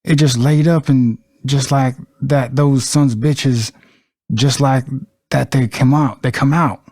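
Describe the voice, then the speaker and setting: A man's voice: medium pitch, fairly even intonation, unhurried, darkish tone, dry recording, clean studio sound. A man voicing a terrified young male fisherman with a put-on Southern US accent, blunt and coarse, in a podcast reenactment. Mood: stunned.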